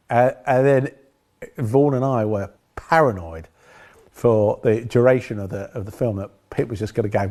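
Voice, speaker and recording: A man's voice: mid-range voice, steady tone, moderate pace, a little mellow. A man, a film director, telling rambling anecdotes in an interview with dry humor.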